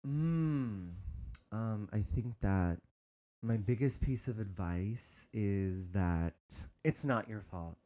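A man speaking candidly as an interview guest, hesitant, with many restarts, and turning animated as he goes. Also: fairly low pitch, slow. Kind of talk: candid personal conversation.

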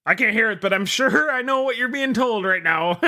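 Bright-voiced man joking at a game table. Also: very high-pitched, expressive, fairly quick. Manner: joking, laughing between phrases. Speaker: player.

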